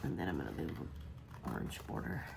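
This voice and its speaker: A woman with a very deep, gravelly voice, worn and congested from being sick, talks very animatedly and fairly quickly over background noise. She chats casually while crafting a journal, rambling with lots of ums and muttering as she works.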